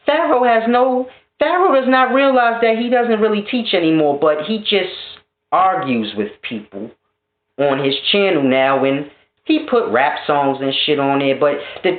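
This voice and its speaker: A man ranting in a casual spiritual vlog monologue, profane and animated, often laughing. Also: high voice, normal speed. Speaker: spiritual vlogger. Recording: tinny phone-like echoey sound.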